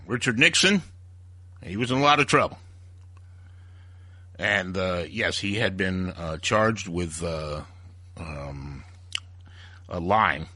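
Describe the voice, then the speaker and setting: Heated male talk radio host with a sharp, husky voice and lively, swinging delivery. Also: sits low, takes it slowly, pauses often, no room sound. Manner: ranting, heated, acts out quoted voices. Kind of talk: opinionated talk radio monologue.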